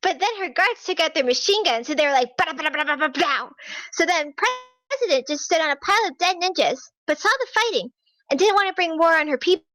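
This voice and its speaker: A woman voicing an eager, excitable teenage schoolgirl who talks in a bubbly rush. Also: high-pitched, fast, no room sound. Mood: excited. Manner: bubbly, overeager.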